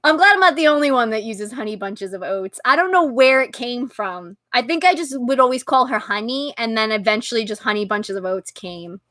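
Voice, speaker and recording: A woman hosting a casual live-stream chat, talking loudly and laughing often. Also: fairly high pitch, animated, fairly quick, few pauses, dry recording. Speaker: podcast host.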